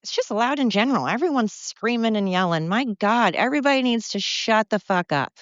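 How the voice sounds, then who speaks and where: A woman's voice: a little high, lively intonation, a little fast, dry recording, dull audio. A woman hosting a solo podcast, ranting bluntly with profanity and mocking herself, recorded on a phone. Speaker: podcast host.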